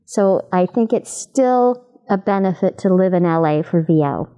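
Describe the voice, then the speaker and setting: A woman voice actor in an animated interview chat, demonstrating voices as she explains her craft. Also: medium pitch, moderate pace, clear, resonant tone.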